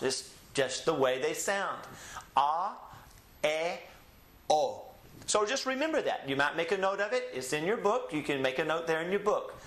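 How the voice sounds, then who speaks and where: Male teacher, slightly high voice, patient and methodical, roomy echo. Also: fairly bright tone. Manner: patient, explains step by step, repeats words slowly. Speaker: Spanish teacher. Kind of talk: recorded language lesson.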